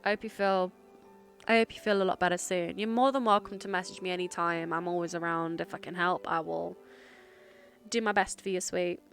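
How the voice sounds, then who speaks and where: A woman with a Black Country accent, chatting casually as she plays a game on stream and thinks out loud. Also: lowish voice, fairly even intonation, fairly quick, gravelly, faint music behind. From England. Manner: chatty, thinking aloud with fillers. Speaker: gaming streamer. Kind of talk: casual gameplay commentary.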